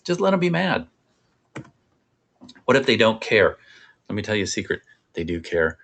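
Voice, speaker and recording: Low-voiced man coaching parents. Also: moderate pace. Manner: conversational, animated, coaching tone. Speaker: parenting workshop presenter. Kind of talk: presenting a parenting workshop.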